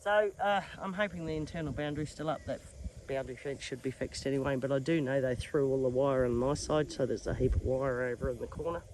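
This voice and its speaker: A woman's voice: a bass voice, fast talker, a little mellow, slight background noise, poor audio. A middle-aged woman with an Australian accent, chatting down-to-earth as she works outdoors on her farm, filming on a handheld phone. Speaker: farm vlogger. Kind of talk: casual vlog narration.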